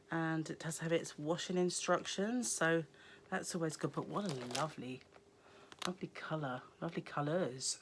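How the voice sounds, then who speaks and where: A hoarse British woman chatting casually as she unboxes yarn for her crochet vlog, often dropping to a near whisper. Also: deep voice, slight background noise. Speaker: crochet vlogger.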